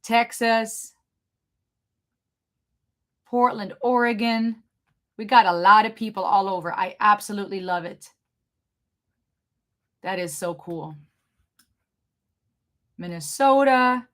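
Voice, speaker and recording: A young woman with a slight German accent chats through a live Q&A stream. She talks quickly and gets excited easily, in a voice of ordinary pitch. Her tone is casual and friendly, like an everyday vlog host. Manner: excitable, fast-talking, chatty. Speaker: channel host doing a live Q&A.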